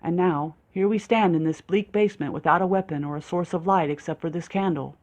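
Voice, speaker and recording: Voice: medium pitch, brisk, a little mellow. An audiobook reader narrating in the first person with a dry, sarcastic, self-mocking manner.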